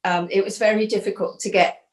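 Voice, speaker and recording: A woman's voice: mid-range voice, steady tone, a little fast. Older English woman, echoey room. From England. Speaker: co-host, host's mother.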